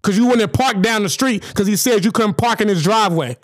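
A man's voice: high-pitched, fairly quick, dry recording, studio quality. A man co-hosting a podcast, ranting in brash, profane casual banter and talking over the others. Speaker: podcast co-host.

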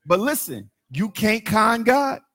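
A middle-aged man, preaching a sermon. His voice sits high and rings bright as he drops to hushed asides, then climbs into sung and shouted lines. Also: sing-song, slow pace. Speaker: pastor.

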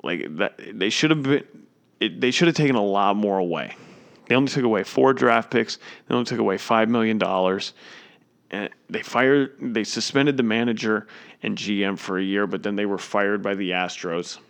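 A man's voice: on the low side, normal speed, smooth. A man giving an opinionated, emphatic sports commentary, indignant and repeating his points.

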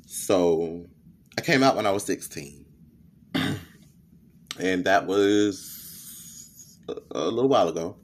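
A young man with a lisp, hosting a candid, profane personal podcast monologue. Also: deep voice. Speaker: podcast host.

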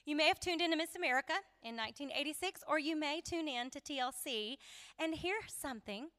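With a high-pitched, fairly quick and fairly bright voice and no room sound, a South Carolina woman with a Southern accent entertains a women's church group. Her talk is chatty, story-filled and punctuated by frequent laughter.

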